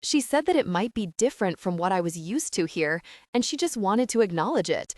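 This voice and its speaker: A teenage girl in an audiobook, hurt yet steady, with a gently reproachful, measured way of speaking, as a woman reads her. Her lines move with lively pitch. The recording is dry and close. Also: no echo, close to an everyday voice. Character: hurt but composed teenage girl, candid. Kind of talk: audiobook character reading.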